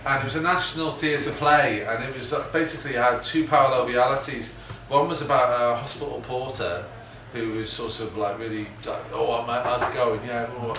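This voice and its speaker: A middle-aged man with a Liverpool accent talks through an audience Q&A, rambling and chatty, with frequent laughs and tag questions. He is picked up from a distance in an echoey room. Steady background noise sits under his voice. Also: medium pitch, a little fast, hardly any pauses. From Liverpool, England. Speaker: guest filmmaker.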